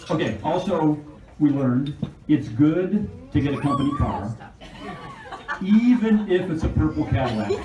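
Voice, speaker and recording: A man's voice: fairly high pitch, background noise. A middle-aged man giving a humorous birthday toast to his father, reading jokes from a list. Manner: dry jokes, laughing along. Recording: echoey room from far off.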